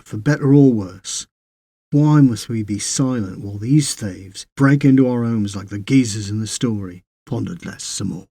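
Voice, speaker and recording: A man's voice: medium pitch, mellow, dry recording. A man reading a horror short story aloud as narrator, voicing a character's bitter, resentful thoughts.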